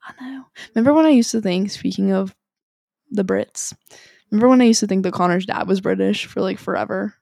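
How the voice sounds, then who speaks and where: A young adult woman co-hosting a podcast, chatting casually and telling stories with animated pitch jumps. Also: fairly quick, vocal fry, no room sound, studio quality. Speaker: podcast co-host. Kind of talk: casual chat.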